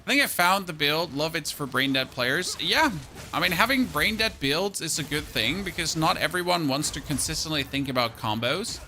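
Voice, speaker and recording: A young male streamer with a bright, forceful voice pitched a little high. He talks through his game choices aloud in a loose, chatty way and thanks viewers as he goes. A faint hiss sits behind him. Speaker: gaming streamer. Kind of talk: live-stream gameplay commentary.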